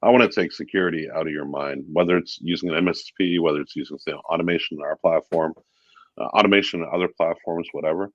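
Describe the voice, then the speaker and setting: A man talking as a guest in a casual interview, relaxed and chatty with many fillers. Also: sits low, fast, no room sound, muffled recording. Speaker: guest, VP of sales.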